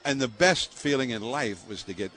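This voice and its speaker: A man's voice: mid-range voice, normal speed. An older male baseball broadcaster from the San Francisco Bay Area, telling stories in an interview with lots of laughter. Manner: lively anecdotes, laughing often, with many fillers. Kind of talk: storytelling in an interview.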